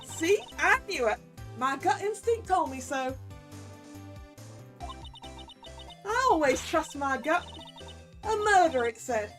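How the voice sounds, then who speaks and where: A woman voicing a brash, loud female reporter with a folksy Southern drawl attempt, reading game dialogue aloud. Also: extremely high pitch, sing-song, slow pace, pauses often, music in the background, heavily acted. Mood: triumphant.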